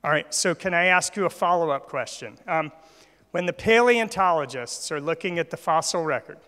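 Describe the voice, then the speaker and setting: Man, bright voice, church talk, asks the crowd questions, long hall reverb. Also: a little high, expressive, moderate pace, clear, resonant tone. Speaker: guest speaker.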